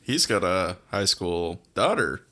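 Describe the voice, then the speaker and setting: A man's voice: low voice, sing-song, takes it slowly, bright, forceful tone. A man in a casual podcast chat, hesitant with many fillers and fond of teasing. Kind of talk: casual movie discussion chat.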